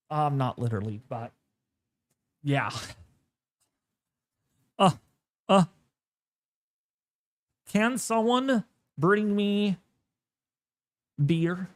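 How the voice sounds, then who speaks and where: A man hosts a live weather stream, talking at an unhurried pace. His commentary is animated and jokey, full of exclamations. The sound is dry, with no room around it. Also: sits high, dry recording.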